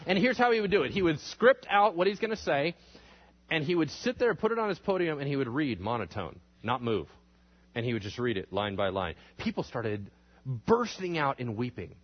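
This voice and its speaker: A man teaching a history class in a lively lecture style, asking the class questions and acting out quotes in exaggerated voices. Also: a little high, moderate pace, muffled recording.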